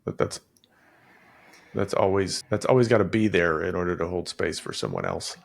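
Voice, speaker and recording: Male co-host, very deep voice, easygoing, encouraging, prompts with questions. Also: big pitch swings, normal speed, vocal fry. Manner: laid-back, encouraging, stammers on restarts. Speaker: podcast co-host. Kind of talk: casual podcast conversation.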